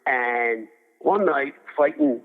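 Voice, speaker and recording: A man's voice: mid-range voice, expressive, takes it slowly. A middle-aged man from Philadelphia, a boxing cutman, telling stories in a rambling interview and acting out quotes. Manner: rambling, many restarts, acts out quotes. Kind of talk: casual interview storytelling. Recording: phone-like line with long reverb.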